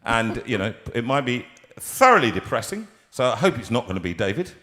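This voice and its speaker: A man's voice: mid-range voice, very animated, brisk, crowd noise. A man in his sixties hosting a casual live show from his home studio, jokey and rambling, with lots of ums and restarts. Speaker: host.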